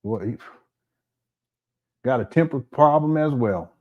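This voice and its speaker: Male host, casual mocking commentary, mid-pitched, somewhat dull sound. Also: expressive, unhurried. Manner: laughing, mocking asides.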